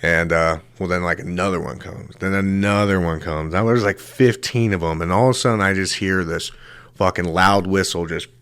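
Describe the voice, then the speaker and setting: A young man hosts his own comedy show, spinning rambling tales. His voice sits low, and he swears freely and laughs along with himself. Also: normal speed, a bit bright, clean tone, dry recording. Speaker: show host. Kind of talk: comedic storytelling monologue.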